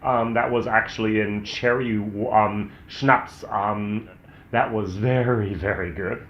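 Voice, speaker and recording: A man's voice: lowish voice, steady tone, slow, a little hiss or hum. Chatty American man reviewing whisky. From United States. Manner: chatty and candid, thinking aloud. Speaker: whisky reviewer, channel host. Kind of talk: casual tasting review. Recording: roomy, slightly dull sound.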